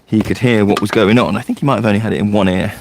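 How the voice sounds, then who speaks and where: A man's voice: on the low side, fairly even intonation, very fast, creaky, background noise. A man, a forest school leader chatting casually and explaining things in a loose storytelling way. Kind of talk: casual podcast chat.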